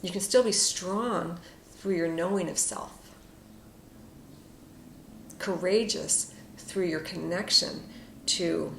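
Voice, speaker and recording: Gravelly-voiced woman reading tarot cards. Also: fairly low pitch, slow, fairly bright tone. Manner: soothing, reflective, many fillers and asides. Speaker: tarot card reader. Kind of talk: casual spoken tarot reading. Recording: echoey room with faint noise.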